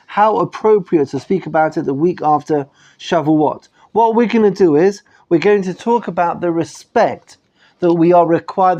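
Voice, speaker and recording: A man's voice: high-pitched, a little mellow, highs cut off. A man with a British accent teaching a live class as a rabbi, polite and orderly, laying out the lesson plan. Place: study hall.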